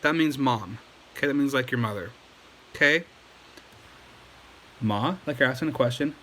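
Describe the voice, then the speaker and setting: Speaking fast in a sharp, mid-range voice, a male Chinese teacher holds a casual nighttime lesson at home, patiently explaining and adding okay after each point. Slight background noise sits in the low-quality recording.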